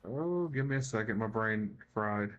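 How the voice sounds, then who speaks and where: A man co-hosting a gaming podcast in casual chat, easygoing, often answering with quick short replies. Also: fairly low pitch, lively intonation, muffled recording, soft background music. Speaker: podcast co-host.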